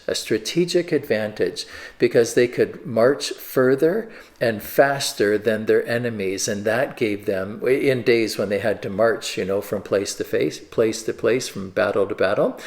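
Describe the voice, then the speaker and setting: A man, a pastor, teaching an informal sermon in a conversational way with frequent fillers and restarts. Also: fairly low pitch. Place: church.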